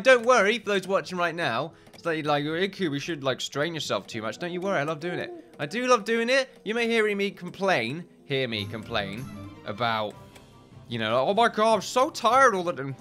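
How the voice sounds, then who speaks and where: A tired man talks his way through a building game in a loose, rambling let's-play chat, forever correcting himself and chuckling. His voice is bright and lively, swinging up and down in pitch. Soft game music plays underneath. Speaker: gaming video host. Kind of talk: casual let's-play commentary.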